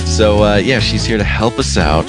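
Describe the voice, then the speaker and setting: A man co-hosting a talk show in casual comedic chat, joking and animated. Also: on the low side, moderate pace, over music. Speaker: podcast co-host.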